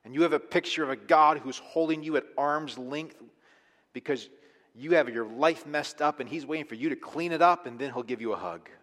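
A man preaching a sermon as pastor, emphatic, moving between hushed and forceful delivery. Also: fairly high pitch, brisk. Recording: long hall reverb.

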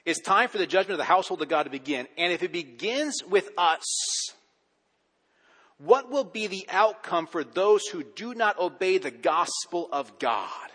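A male pastor preaching a sermon with rising intensity and dramatic pauses. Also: high voice, animated, fairly bright tone, husky. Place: church sanctuary. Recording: long reverb of a church hall.

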